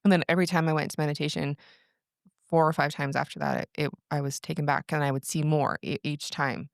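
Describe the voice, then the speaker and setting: A woman's voice: sits low, little pitch movement, quick pace, vocal fry, no room sound, clean studio sound. Chatty woman telling a personal story. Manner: rambling, full of "like" and restarts. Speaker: podcast guest, breathwork practitioner. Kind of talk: casual storytelling chat.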